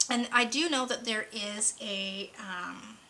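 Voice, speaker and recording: A woman's voice: medium pitch, takes it slowly, bright, forceful tone, poor audio. A woman giving a weekly oracle card reading, talking earnestly and a bit ramblingly, openly emotional, her voice close to cracking. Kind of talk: spiritual card reading monologue.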